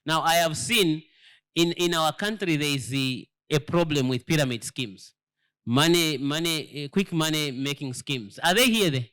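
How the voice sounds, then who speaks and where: A man's voice: fairly high pitch, animated, moderate pace, a bit bright, clean tone. A man, a church elder giving a sermon-style lesson, emphatic and full of rhetorical questions, often repeating words as he searches for them. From Zambia.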